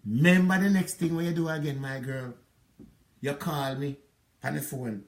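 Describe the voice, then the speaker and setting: A middle-aged man with a Jamaican accent and a fairly high-pitched voice talks a little fast. His monologue drifts through a bitter account of a past relationship, laced with patois.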